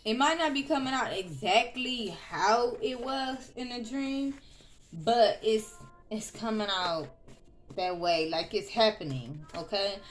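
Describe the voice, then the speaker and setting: A woman giving a casual tarot reading, chatty and loose, with frequent ums and restarts. She opens with a softly murmured prayer. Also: on the high side, slow. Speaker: tarot reader.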